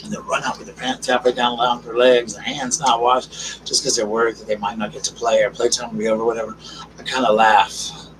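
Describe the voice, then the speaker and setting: A man hosting a casual live stream, chatting warmly with viewers and calling them girl, darling and honey. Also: medium pitch, flat delivery, fairly quick. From South Carolina. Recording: distant mic with noticeable background noise.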